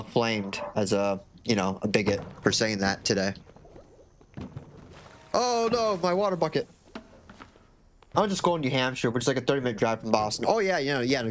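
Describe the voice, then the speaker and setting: A man's voice: mid-range voice, a little hiss or hum. A young man from Florida chatting casually on a live stream into a desk mic, rambling and joking with occasional swearing. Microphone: desk microphone.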